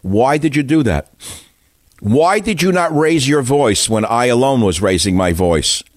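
A man's voice: medium pitch, lively intonation, a little slow, no echo, clean studio sound. A man hosting a radio talk show, delivering an indignant monologue full of rhetorical questions.

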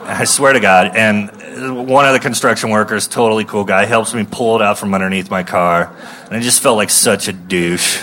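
A man in his thirties telling a profane stand-up comedy story in a rambling way, with sudden shouted outbursts. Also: fairly low pitch, moderate pace. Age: 30s.

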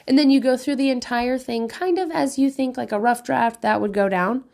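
Casting: woman, 30s, mom of five, slightly high voice, frank and foul-mouthed, laughs a lot. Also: moderate pace, creaky, hardly any pauses, darkish tone. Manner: candid and profane, laughing often. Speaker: mother of five giving parenting advice. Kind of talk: casual monologue.

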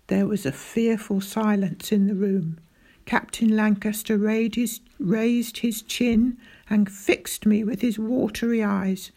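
A woman reading a children's story aloud in a measured, unhurried voice, as the boy who tells it. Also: mid-range voice, fairly even intonation, mellow. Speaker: audiobook narrator. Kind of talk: scripted storybook narration as a boy.

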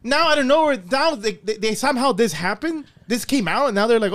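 A man with a high voice that jumps around a lot talks in casual podcast banter. He is animated and swears as he tells his side. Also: quick pace, few pauses. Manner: animated, swears, quotes others in put-on voices. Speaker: podcast co-host. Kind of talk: casual chat.

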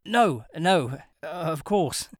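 A man's voice: a little high, animated, takes it slowly, no echo, pitched above the performer's own voice. Narrator voicing a young man, awkward, polite, stammering, audiobook dialogue, dry sound. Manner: flustered and stammering.

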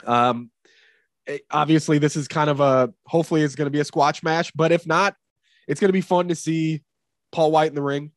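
A man's voice: a little high, steady tone, brisk, dry recording, clean studio sound. A man hosting a podcast in casual chat, rambling and cursing with many fillers. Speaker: podcast host.

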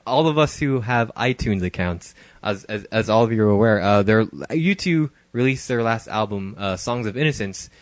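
A man's voice: lowish voice, expressive, moderate pace, no echo. A man co-hosting a casual podcast chat, loose and joking, laughing often. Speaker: podcast co-host.

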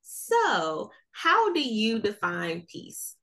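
Drawing out her words, a Southern-accented woman from North Carolina hosts a casual podcast interview, her medium-pitched, fairly bright voice swooping wildly. Her manner is chatty and upbeat, full of laughter.

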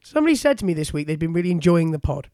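A man co-hosting a podcast in casual chat, chatty and jokey, quick to argue a point. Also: on the high side, very animated, a little mellow, no echo, clean studio sound. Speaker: podcast co-host.

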